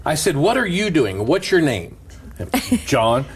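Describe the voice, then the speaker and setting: A man who is a pastor, telling stories in an animated casual chat and laughing through them. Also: fairly high pitch, slow pace, pauses often, slight background noise.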